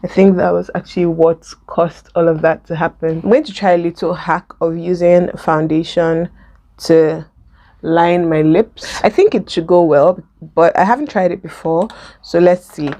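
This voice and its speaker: A young woman with a Nigerian accent telling a story in a casual vlog while doing her makeup, lively and laughing often. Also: lowish voice, moderate pace. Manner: animated, mixes in Pidgin and laughs. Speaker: vlogger.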